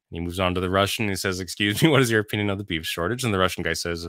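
A middle-aged man, a musician guest in a casual interview, answering thoughtfully and telling jokes with a wry, deliberate timing. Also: deep voice, fairly even intonation, fairly bright tone, no room sound, studio quality. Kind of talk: casual conversation.

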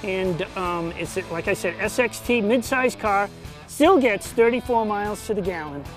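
High-voiced upbeat car salesman. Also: expressive, normal speed, soft background music. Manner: upbeat, listing features, urging viewers. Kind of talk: local TV car sales pitch. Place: car dealership lot.

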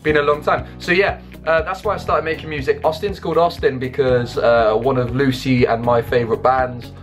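A young English man talking casually and jokingly at home, rambling with quick restarts and poking fun at himself. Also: medium pitch, steady tone, faint music behind. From England. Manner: jokey, rambling, self-mocking, with quick restarts. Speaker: YouTuber and songwriter. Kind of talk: casual Q&A vlog.

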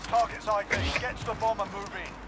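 A man's voice: high voice, fairly even intonation, fairly quick, heavy background noise, lightly acted. A man voicing a terse military announcer in a shooter game, giving clipped, commanding orders. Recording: game audio under loud gunfire.

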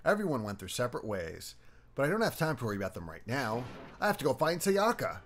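A game streamer reads a visual novel aloud fast in a mid-range voice, voicing the characters with lively casual asides and self-corrections between lines. Faint music plays behind him.

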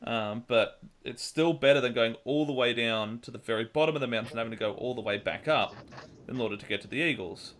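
Australian man, podcast host, casual rambling talk, bright tone, medium pitch. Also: brisk, a little hiss or hum. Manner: laughs often, rambling with fillers.

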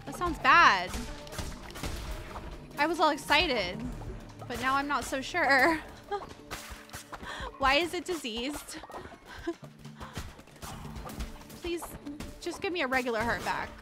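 A woman host giving chatty, excitable gameplay commentary to her viewers. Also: high-pitched, slow pace, pauses often. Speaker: gaming channel host. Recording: game music behind voice. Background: game music.

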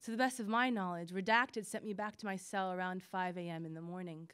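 A woman reading a prison memoir aloud on stage, slow and emphatic. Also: fairly low pitch, fairly even intonation, a bit bright, smooth. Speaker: reader.

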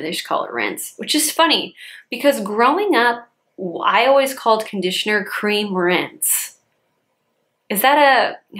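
A woman's voice: medium pitch, a bit bright. A young woman in her twenties, a chatty beauty vlogger reviewing hair care products with lots of casual fillers.

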